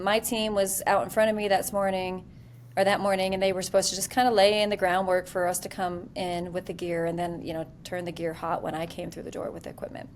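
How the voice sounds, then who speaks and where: Animated woman telling a candid story. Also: on the low side, a little hiss or hum. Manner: animated, self-deprecating, with many fillers. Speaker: interview guest, military leader.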